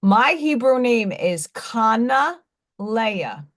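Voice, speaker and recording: A woman's voice: on the high side, sing-song, drawn-out words. A woman hosting a live stream, telling stories in a rambling, candid, blunt way. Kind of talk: casual chat.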